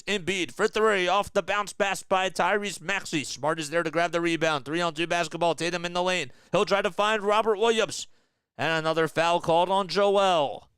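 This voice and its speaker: Man, fan play-by-play streamer, smooth and slightly high voice, excited live calls. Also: dry recording, clean studio sound. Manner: fast excited calls that rise sharply on big plays.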